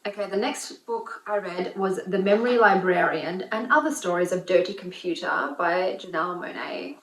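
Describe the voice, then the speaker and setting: A woman reviewing books in a casual vlog, talking in an opinionated, animated way with lots of fillers. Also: on the low side, moderate pace. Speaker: book reviewer. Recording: roomy echo.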